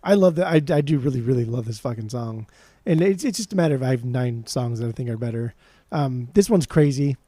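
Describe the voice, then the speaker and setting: Mellow-voiced man raving about an album. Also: mid-range voice, expressive, fairly quick, no room sound. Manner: enthusiastic, swearing, slangy. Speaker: podcast co-host. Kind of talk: casual music review chat.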